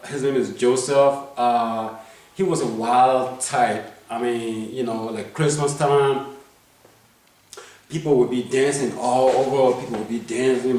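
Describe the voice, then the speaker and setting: A man from Liberia in his fifties rambles casually through his life story in a slightly mellow mid-range voice, circling back, restarting and asking "you know what I'm saying." The mic is far off, and the room rings with heavy echo.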